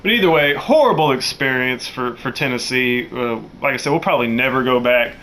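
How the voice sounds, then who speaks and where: A young man telling a profane, animated story, jumping into loud quoted voices. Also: mid-range voice, fairly quick, slight background noise. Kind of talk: casual storytelling.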